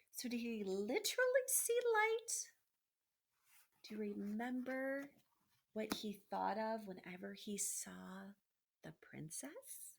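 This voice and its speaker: A woman reading a children's book aloud, gently, with asides to her listeners. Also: medium pitch, vocal fry. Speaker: storyteller.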